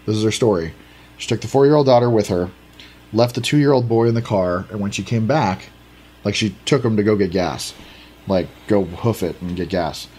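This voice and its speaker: A man's voice: on the low side, moderate pace, darkish tone, slightly rough. A man co-hosting a casual podcast, rambling and joking at his own expense. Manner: rambling, self-deprecating, many restarts. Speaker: podcast co-host.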